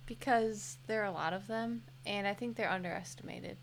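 A woman's voice: mid-range voice, moderate pace, slight background noise. A woman guest on a podcast, chatting casually and telling stories. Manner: chatty, storytelling.

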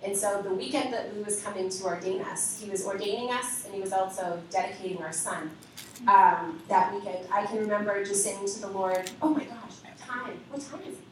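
A woman leader giving a lively spoken testimony to a congregation, acting out the conversations she recounts. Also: mid-range voice, brisk, slight background noise. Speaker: ministry leader. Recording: echoey hall from far off.

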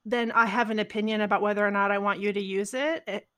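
A woman's voice: mid-range voice, fairly even intonation, fast talker, pushed and bright. A woman co-hosting a podcast in casual conversation, talking in a rambling, reflective way and often trailing off mid-thought. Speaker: podcast co-host.

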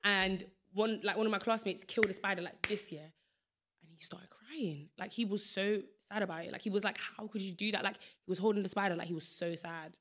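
A woman's voice: medium pitch, steady tone, fast, hardly any pauses, fairly bright tone. A young woman hosting a podcast with a London accent, chatting casually and laughing easily as she rambles through stories. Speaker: podcast host. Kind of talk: casual chat.

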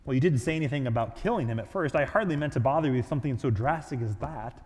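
A man's voice: medium pitch, lively intonation, quick pace, darkish tone, natural voice. A man voicing a petulant, evasive male ghost who stammers out excuses, heard in a large hall with long reverb. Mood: fretful. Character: fretful, evasive male ghost clinging to his vice.

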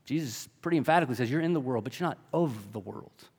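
A man's voice: mid-range voice, animated, quick pace, a little mellow, slightly rough. A man preaching a sermon in a conversational style, full of rhetorical questions. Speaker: pastor. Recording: long reverb of a large hall.

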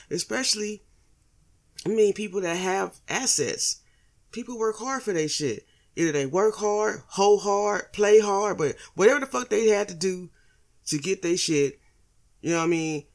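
Profane, rambling man with higher pitch. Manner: rambling, heavy profanity, rhetorical questions. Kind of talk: profane monologue commentary.

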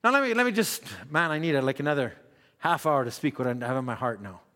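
A man preaching a sermon in a conversational way, repeating words and dropping to a low hush at reflective moments. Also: sing-song, fast. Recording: long hall reverb.

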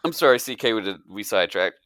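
A man co-hosting a podcast, joking and swearing in an animated way. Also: lowish voice, fast talker, clear, resonant tone, dry recording, studio quality. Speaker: podcast co-host. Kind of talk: casual podcast chat.

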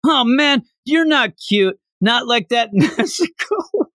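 A man's voice: very high-pitched, animated, slow pace, bright, forceful tone, dry recording, clean studio sound, pitched above the performer's own voice, heavily acted. A man voicing a whiny, self-pitying young male demon slayer who mopes and complains in a raised voice. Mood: indignant. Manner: whiny, moping, raising his voice in upset.

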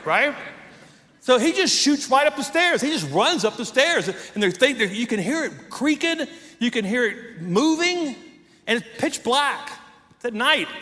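A man's voice: sits high, bright, forceful tone, big-room sound. A man preaching a sermon as pastor, telling a story and then leading prayer, from Texas. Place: church sanctuary.

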